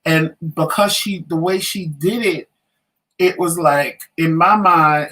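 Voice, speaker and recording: A man's voice: on the high side, takes it slowly, poor audio. A man co-hosting a casual talk show, telling a story and acting out the voices of the people in it. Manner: animated storyteller, acts out quotes.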